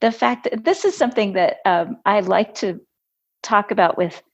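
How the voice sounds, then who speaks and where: A woman's voice: mid-range voice, moderate pace. A woman hosting a podcast interview, a life coach telling stories about her clients in a conversational way. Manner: storytelling, animated when recounting conversations. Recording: dull lo-fi audio.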